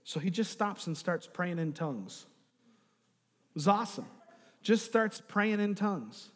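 A man preaching a sermon, telling a story and moving between quiet, hushed asides and loud, emphatic bursts. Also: high voice, expressive, unhurried. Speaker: pastor. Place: church sanctuary. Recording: long reverb of a large hall.

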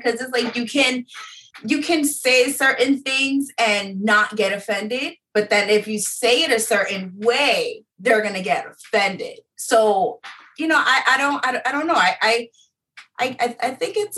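A woman's voice: fairly high pitch, sharp tone, far from the mic. A woman in her thirties, a mother of three, chatting bluntly and without filter as a podcast guest. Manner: blunt and unfiltered, stammers into thoughts. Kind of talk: casual podcast chat.

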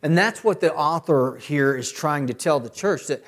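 A middle-aged man preaching a sermon as a pastor. He often builds to loud, emphatic peaks. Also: a little high, expressive, moderate pace.

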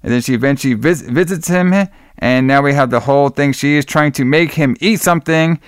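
In a clean studio recording with no room sound, an American podcast co-host reviews a film in relaxed, profane banter, blunt and jokey with plenty of "brother." He speaks a little fast at medium pitch, and his tone is clear and resonant.

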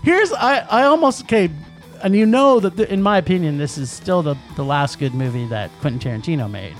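A man co-hosting a podcast, ranting about movies in an animated way and laughing often. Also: sits high, fairly quick, soft background music. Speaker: podcast co-host. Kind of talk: casual podcast movie rant.

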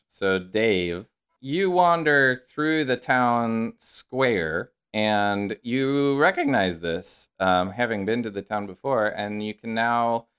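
A man narrating a tabletop role-playing game as game master, in a measured, descriptive way with some fillers. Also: fairly low pitch, a bit bright, clear, resonant tone.

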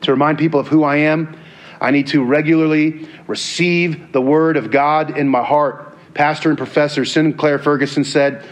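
A man delivering a sermon with a voice that sits a little high for a man. He preaches earnestly and conversationally, often doubling back on his words before pressing on. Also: fairly even intonation, moderate pace.

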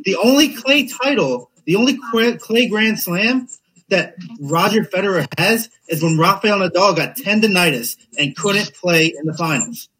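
A husky, high-voiced man in a heated sports argument. He talks over his opponent and hammers the same points again and again. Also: animated, moderate pace, a bit bright, rough recording.

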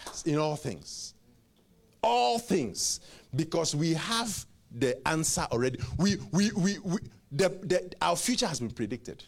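A male preacher delivering a sermon, with call-and-response lines, stammered repeats and sudden loud rises. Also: a little high, very animated, measured pace, slight background noise.

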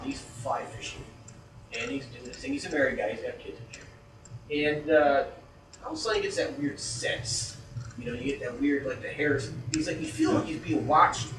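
Animated, profane man telling a story. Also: medium pitch, a little hiss or hum. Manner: profane, animated storyteller who acts out scared reactions. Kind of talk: casual storytelling. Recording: echoey room heard from a distance.

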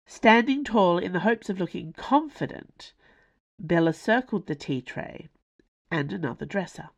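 A woman narrating her own novel in a wry, expressive storytelling manner. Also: lowish voice, gravelly, no echo. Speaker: author and narrator. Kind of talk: audiobook narration.

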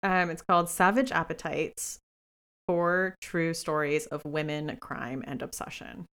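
A woman with a low, gravelly voice hosts a podcast from her home work space. She talks into a professional mic in a relaxed, chatty way, eager to recommend books. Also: a little slow. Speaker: podcast host. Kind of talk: casual podcast chat. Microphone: professional studio microphone.

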